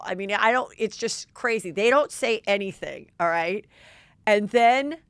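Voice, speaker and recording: A middle-aged woman hosting a podcast, telling gossipy stories in a lively, chatty way. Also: mid-range voice, no echo. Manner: gossipy, animated, quick asides. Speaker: podcast host. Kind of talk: casual chat.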